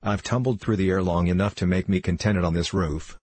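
A man's voice: low-pitched, steady tone, brisk, darkish tone. A man voicing a skinny old male cab horse who grumbles and scoffs. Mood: scornful. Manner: scornful, growling.

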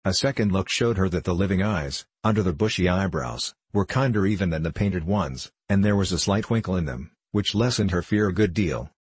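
A man reading a story aloud as an audiobook narrator, in a steady, even storytelling manner. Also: sits low, a little fast, hardly any pauses, husky, dry recording.

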